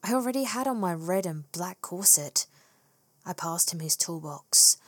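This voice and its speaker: A woman narrating an erotic first-person story, often slipping into breathy whispers with a slow, sultry delivery. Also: on the low side, expressive, no room sound.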